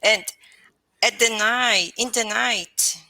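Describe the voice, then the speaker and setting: Taking part as a student in an online English class, a native Portuguese speaker with a Portuguese accent talks slowly in a slightly high, sharp-toned voice. She often hesitates, starts over and hunts for words, captured by a video-call mic with no room sound.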